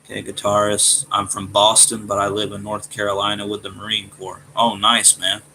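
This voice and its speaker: Gruff Alabama man chatting on stream. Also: fairly low pitch, monotone, sharp tone, a little hiss or hum, low-quality recording. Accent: Southern US, Alabama. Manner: halting, repeats words and restarts. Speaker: streamer reading chat. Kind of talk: casual live-stream chat.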